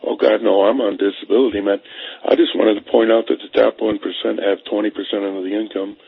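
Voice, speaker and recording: Gravelly man calling in on a tinny line. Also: lowish voice, fairly even intonation, fairly quick, no echo. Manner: hesitant, reciting figures. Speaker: caller. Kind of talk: call-in radio chat.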